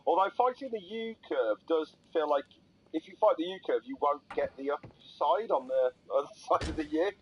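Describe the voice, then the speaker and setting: Male co-host, high and animated, playful banter. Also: moderate pace, lo-fi sound, a little hiss or hum. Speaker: podcast co-host. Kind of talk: casual comedy podcast chat.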